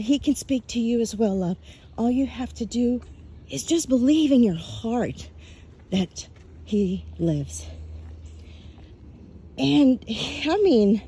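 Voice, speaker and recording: A woman's voice: fairly high pitch, mellow, breathy edge. A woman from Texas, telling a personal faith story earnestly, a little out of breath. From Texas, USA. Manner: earnest, quotes people in small voices.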